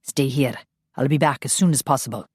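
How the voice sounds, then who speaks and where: Woman doing a protective vampire guard, low, terse, firm orders. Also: brisk, darkish tone, breathy edge, no echo, studio quality.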